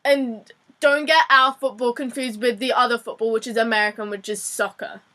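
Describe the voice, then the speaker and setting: A woman's voice: a little high, fairly even intonation, moderate pace, sharp tone. A young Australian woman with an Australian accent, chatting and giggling through a casual vlog lesson with frequent restarts. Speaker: vlogger teaching slang.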